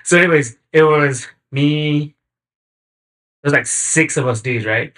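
Man, podcast guest, casual storytelling, slangy, bright tone. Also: on the high side, slow. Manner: laid-back, slangy, acts out quotes in animated bursts.

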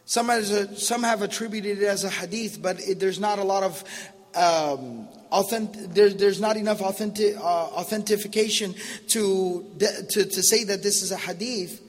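A man's voice: high-pitched, moderate pace, long reverb tail. A man in his thirties preaching a sermon in a casual, storytelling way with slangy asides.

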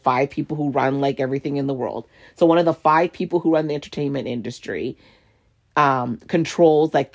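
Woman podcast host with a low voice and a heated, profane ranting manner. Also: darkish tone. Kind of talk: solo podcast rant.

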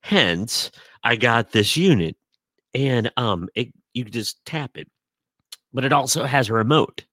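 A man's voice: mid-range voice, expressive, measured pace, fairly bright tone, no echo, studio quality. A man co-hosting a casual talk show, laughing heartily and rambling in wordy asides. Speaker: co-host. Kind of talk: casual chat.

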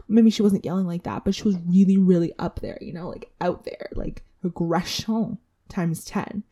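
Dark-voiced chatty woman podcaster. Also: on the low side, steady tone, normal speed, few pauses. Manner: chatty, candid, with swearing and self-aside. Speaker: podcast host. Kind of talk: casual solo podcast recap.

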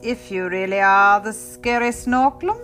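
A woman doing a calm questioning storybook badger. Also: mid-range voice, unhurried, faint music behind, pitched above the performer's own voice, lightly acted.

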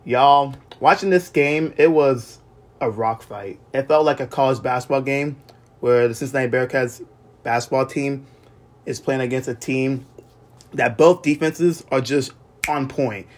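A man hosting a solo sports podcast, recapping games in an excited, emotional way and often repeating himself. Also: mid-range voice, unhurried. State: recovering from illness. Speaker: podcast host.

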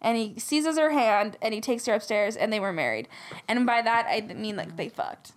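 A woman's voice: fairly high pitch, lively intonation, normal speed. A young woman casually retelling a story, rambling with lots of fillers and asides. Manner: rambling, full of "like", laughing while retelling. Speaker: storyteller retelling a folk tale. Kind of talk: casual chat.

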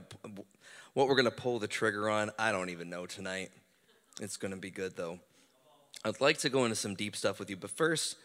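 A man preaching at a church service in a casual, conversational way with many fillers, dropping to a hushed, slow voice when he prays. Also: on the low side. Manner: softens to a hushed, slow voice in prayer. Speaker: guest preacher. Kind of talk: charismatic church sermon and prayer. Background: instrumental music.

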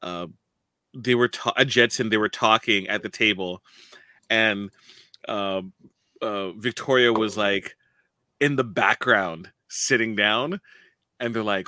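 A man co-hosting a loose chat, laughing often and halting on plenty of fillers. His voice is bright and forward, recorded close and dry. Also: lowish voice, dry recording. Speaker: podcast co-host. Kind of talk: casual chat.

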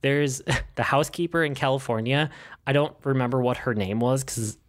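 A man co-hosting a casual movie review podcast, chatting in a relaxed way with plenty of fillers. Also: medium pitch, normal speed. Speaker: podcast co-host.

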